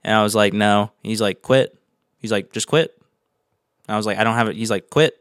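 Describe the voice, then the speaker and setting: Young man, smooth tone, dry studio sound, animated anecdotes. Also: on the low side, fast talker, dry recording. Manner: animated storyteller, acts out quotes. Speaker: employee. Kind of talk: casual podcast chat.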